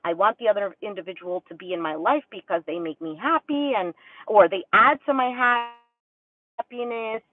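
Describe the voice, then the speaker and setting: A woman's voice: medium pitch, normal speed, no room sound. A woman giving a casual tarot reading, rambling and acting out inner thoughts as little quoted asides. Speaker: tarot reader. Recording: tinny phone-like dry sound.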